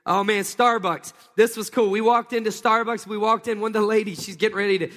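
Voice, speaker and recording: A man, preaching a sermon in a folksy storytelling way that rises into excited bursts. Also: high-pitched, a little fast. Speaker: pastor. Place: church sanctuary. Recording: long hall reverb.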